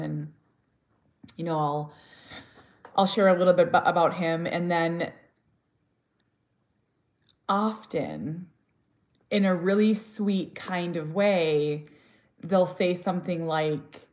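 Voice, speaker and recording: A woman talks straight to camera in a candid personal vlog, sharing her story as a mother. Her voice sits a little on the low side for a woman. She sounds earnest and heartfelt, doubling back on her words as she goes and speaking plainly and bluntly when she means it. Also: slow pace, long pauses, a little mellow. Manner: earnest and heartfelt, with frequent restarts; talks openly and directly, sometimes blunt.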